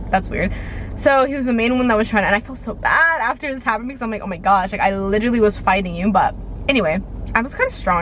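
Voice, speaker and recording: A young woman with a fairly high, fairly bright voice rambles loosely through a personal story in a casual storytime monologue, like a vlogger. She stacks up "like" and keeps asking "okay?" The recording is low quality, with faint noise humming in the background.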